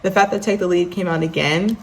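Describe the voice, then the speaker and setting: A woman's voice: on the low side, a little fast, a little hiss or hum. A woman giving a casual tarot reading to her viewers, chatty and mixing readings from the deck's guidebook with asides to the audience. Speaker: tarot card reader.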